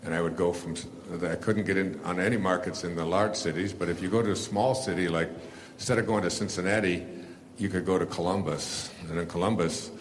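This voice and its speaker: A man's voice: sits low, fairly even intonation, a little fast, a little hiss or hum. An older man telling a rambling personal story to a live audience, full of fillers and restarts, laughing at himself. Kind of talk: casual storytelling talk.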